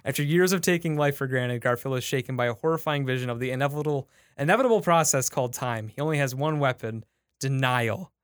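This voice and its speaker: A man's voice: medium pitch, fast, clean tone, dry recording, studio quality. A man, the show's producer, retelling a comic strip in casual podcast chat, full of likes and restarts.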